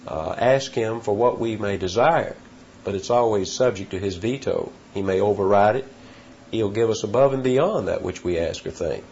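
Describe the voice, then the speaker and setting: A man preaching an expository sermon, teaching deliberately and stressing key words slowly, sometimes restarting a phrase. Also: fairly low pitch, darkish tone, a little hiss or hum. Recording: dull lo-fi sermon recording.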